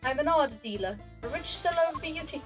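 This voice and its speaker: A woman's voice: sits high, lively intonation, a little fast, over music, voice pushed up. A woman voicing a haughty, wealthy male art dealer in a pompous, condescending manner.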